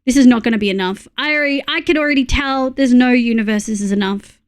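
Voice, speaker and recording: Australian woman streamer, casual gaming chat, grumbles and swears, talks to chat as she plays, slightly high voice. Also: fast, clear, resonant tone.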